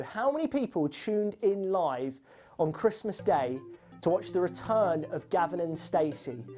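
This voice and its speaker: A host runs a live online quiz, teasing players and cheering on the leaders. The voice is mellow and relaxed, with an easy, even pitch. A little music plays faintly underneath. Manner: chatty, teasing, upbeat.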